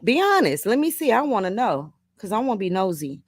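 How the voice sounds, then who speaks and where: A woman's voice: medium pitch, sing-song, a little fast. A middle-aged woman hosting a casual motivational livestream, reading viewers' comments aloud, laughing often and calling listeners baby and honey. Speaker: livestream host.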